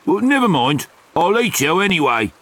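A man voicing a hungry, grumpy male troll in a storybook reading, roaring in a loud, raised voice. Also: sing-song, moderate pace, exaggerated voice. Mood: grumbling. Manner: roaring, loud and high-pitched. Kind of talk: storybook character voice.

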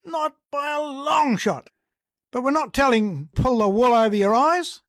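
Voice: sits high, unhurried, no room sound, studio quality, voice pushed up. A speaker with a New Zealand accent voicing a stiff, earnest male political candidate who gives a folksy, blustering stump speech.

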